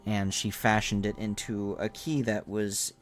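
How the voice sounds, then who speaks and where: A male streamer talks casually over a game, thinking aloud and often restarting his sentences. His voice sits somewhat low. The tone stays loose and conversational. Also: flat delivery, unhurried, soft background music. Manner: hesitant, thinking aloud, self-correcting.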